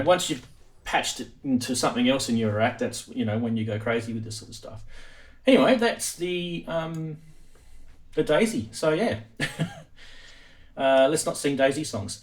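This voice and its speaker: Host, animated and lively, chatty, laughs a lot, slightly higher-pitched man. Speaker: live stream host. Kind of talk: casual live-stream chat.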